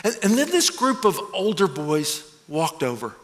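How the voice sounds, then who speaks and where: A man's voice: high-pitched, wildly swooping pitch, measured pace, a bit bright. A man giving a first-person dramatic sermon monologue, earnest and confessional, stammering on restarts. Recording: echoey hall.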